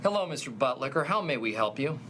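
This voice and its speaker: A boastful, bumbling office boss lectures his staff and shows off in a sitcom scene, played by a man. His voice sits at a middle pitch. Steady background noise runs under the TV clip. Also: fast, natural voice. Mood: smug. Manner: bossy, showy. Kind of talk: sitcom acting.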